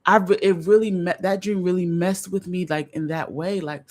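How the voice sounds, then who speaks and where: A woman's voice: lowish voice, fairly even intonation, normal speed, hardly any pauses, a little mellow. Woman vlog host, casual storyteller, chatty and earnest, many restarts. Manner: rambling, restarts, chatty asides to viewers; earnest, openly emotional.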